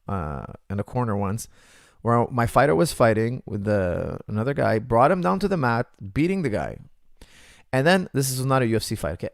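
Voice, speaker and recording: Gravelly middle-aged coach guy chatting to his viewers, dry close sound, fast stories full of "like" and "you know". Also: medium pitch, no room sound. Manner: animated storytelling, acts out quotes, many fillers. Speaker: coach answering viewer questions. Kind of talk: casual livestream Q&A.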